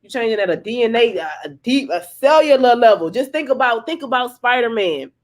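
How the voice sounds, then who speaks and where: A woman's voice: a little high, lively intonation, a little fast. A woman giving a casual tarot reading on a livestream, rambling and profane, laughing often and repeating herself for emphasis. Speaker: tarot reader.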